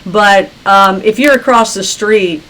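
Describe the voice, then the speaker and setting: A woman's voice: mid-range voice, unhurried, fairly bright tone, rough recording. A woman hosting a talk show, asking chatty, probing questions in a casual conversation. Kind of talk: casual interview.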